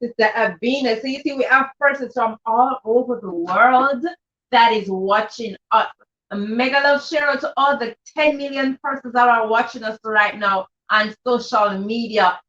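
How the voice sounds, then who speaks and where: A woman hosting a live-streamed reading show, greeting viewers and reading out chat comments with repeated shout-outs. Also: a little high, moderate pace. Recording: roomy, distant, dull lo-fi sound.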